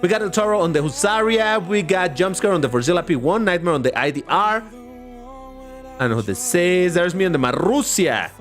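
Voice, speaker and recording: A man livestreaming himself playing a racing game, chatty and opinionated. His voice sits a little high and swings widely, with sudden excited jumps. Soft music runs underneath. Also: fast, hardly any pauses. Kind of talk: live gameplay commentary.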